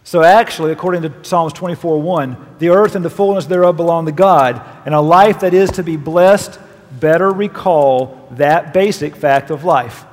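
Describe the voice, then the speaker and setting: A male pastor preaching a sermon, reading scripture verses aloud with emphatic, lively delivery. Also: on the high side, moderate pace. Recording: long reverb of a large hall.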